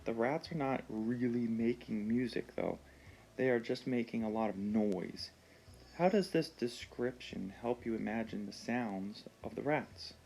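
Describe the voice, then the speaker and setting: A man teaching a reading lesson, explaining words slowly and patiently with frequent pauses and ums. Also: medium pitch, gravelly, a little mellow.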